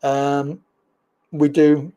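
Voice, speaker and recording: A man hosting a live stream, easygoing and talkative. His voice sits high for a man, and he takes his time, drawling through greetings and chat comments with frequent chuckles. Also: level tone, extremely slow, dark tone, clean tone, muffled recording. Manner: chatty, reads viewer comments aloud, laughs often. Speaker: live-stream talk show host.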